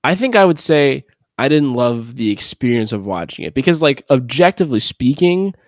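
A man's voice: mid-range voice, very animated, moderate pace, no echo, studio quality. A man co-hosting a podcast in casual chat, laid-back and wry, swearing casually. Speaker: podcast co-host.

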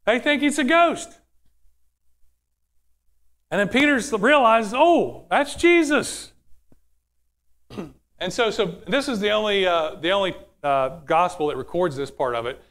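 A man's voice: high-pitched, lively intonation, moderate pace, pauses often, a bit bright. A man preaching a sermon in a conversational way, often asking the audience questions.

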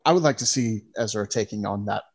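A man co-hosting a podcast, speaking in a measured way with many hesitations. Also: lowish voice. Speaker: podcast co-host. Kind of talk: casual chat.

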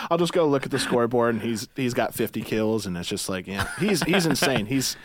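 A man's voice: mid-range voice, animated, brisk, few pauses, noisy background. A man from Michigan, a guest musician chatting casually on a podcast, rambling with lots of fillers and restarts. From Michigan, USA.

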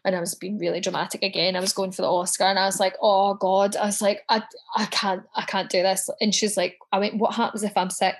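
A woman as a podcast guest, telling stories in a lively way and swearing as she goes. Her voice sits in a middle pitch, and she acts out what she said back then with plenty of drama. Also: fast, hardly any pauses, husky. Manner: animated storyteller, swears freely, acts out her own quotes. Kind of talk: casual chat.

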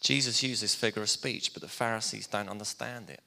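A man's voice: fairly low pitch, fairly even intonation, a little fast, gravelly, sharp tone, long reverb tail. A man preaching a sermon, telling the story in a plainspoken, conversational way. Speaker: pastor.

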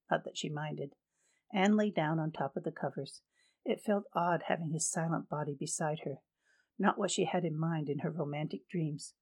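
A woman narrating a novel in a steady, even reading voice. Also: deep voice, slightly rough. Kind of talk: storybook reading.

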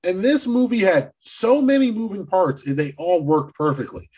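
Man, husky, fairly high voice, excitable, profane, casual movie chat. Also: normal speed. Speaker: podcast co-host.

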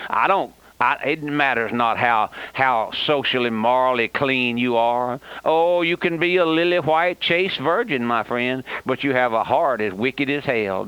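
A man's voice: medium pitch, a bit bright, clean tone, no echo. An older man preaching a fiery radio sermon, with an impassioned, repetitive cadence and folksy asides. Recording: dull lo-fi old radio broadcast.

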